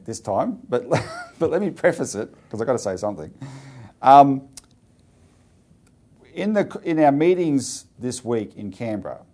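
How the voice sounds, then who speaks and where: A man's voice: fairly low pitch, mellow. An Australian man co-hosting a political talk show, urging viewers directly and speaking with emphasis. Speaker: co-host.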